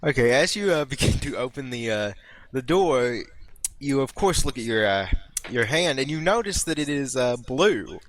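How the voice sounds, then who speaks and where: A man's voice: mid-range voice, expressive, normal speed, hardly any pauses, no room sound. A man narrating as game master of a tabletop game, hesitant and full of fillers, often chuckling.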